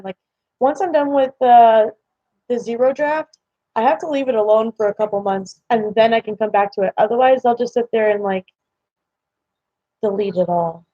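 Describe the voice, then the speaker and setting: Young woman, stream host, rambling casual chat at home, a bit high-pitched, slightly dull lo-fi mic audio. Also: mellow, no echo. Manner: chatty, rambling, lots of fillers. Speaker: livestream host.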